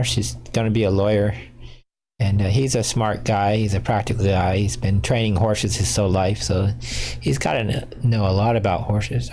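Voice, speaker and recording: Brief: male streamer, gravelly low voice, meandering casual talk full of uh and little laughs. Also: a little mellow. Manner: rambling, many fillers, chuckles often. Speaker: fan fiction writer hosting a livestream.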